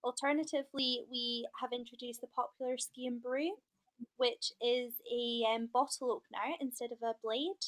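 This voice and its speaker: A woman with a fairly high voice reads a prepared explanation in an even, informative way. She co-hosts a live shop chat and turns warmly to thank viewers for their comments. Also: normal speed, rough recording. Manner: steady, informative, friendly to viewers. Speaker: shop presenter. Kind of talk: reading a prepared script.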